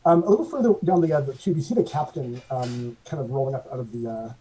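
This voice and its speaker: A man running a tabletop horror game as game master, narrating scenes with many pauses and fillers. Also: mid-range voice, dark tone, poor audio. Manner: halting, filler-heavy narration.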